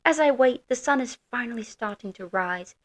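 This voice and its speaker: A woman's voice: a little high, expressive, moderate pace, pitched above the performer's own voice. A woman reading a story post aloud in an exaggerated, dramatic, mock British accent.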